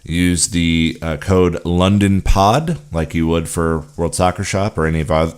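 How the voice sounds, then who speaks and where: A man's voice: low-pitched, steady tone, measured pace, clean tone. A man co-hosting a football podcast in easygoing, chatty conversation, often saying "you know". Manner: laid-back, chatty, uses "you know" a lot. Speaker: podcast co-host. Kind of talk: casual podcast chat.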